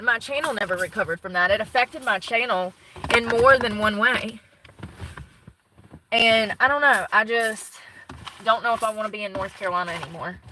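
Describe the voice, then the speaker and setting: A woman's voice: medium pitch, pushed and bright, slight background noise, low-quality recording. A woman vlogging from the car she lives in, rambling bluntly and cursing, a little out of breath. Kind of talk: casual chat.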